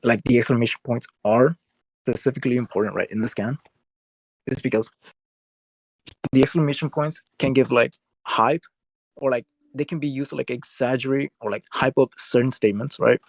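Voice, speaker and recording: A man with a gravelly, creaky voice argues his side of a casual debate. He rambles and leans on "like" constantly while building his point, and the sound is close and dry. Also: medium pitch, moderate pace, dry recording. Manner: rambling, heavy use of "like" fillers.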